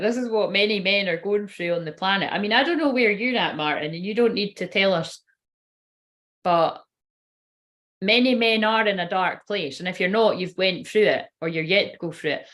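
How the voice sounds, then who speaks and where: A woman's voice: medium pitch, a bit bright. A woman, a tarot reader and medium giving a casual, rambling live-stream reading and swearing now and then.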